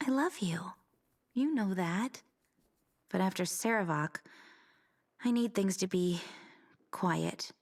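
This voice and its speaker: A weary young adventurer pleads with her friend in a soft, hushed voice. Her tone stays gentle and affectionate, sometimes dropping almost to a whisper. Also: medium pitch, animated, slow pace, long pauses. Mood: tender.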